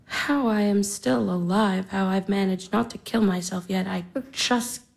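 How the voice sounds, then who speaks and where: A woman's voice: medium pitch, a little slow, poor audio. An actress as a despairing young woman in her twenties. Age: 20s. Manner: anguished, with breathy whispered breaks. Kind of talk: stage drama acting.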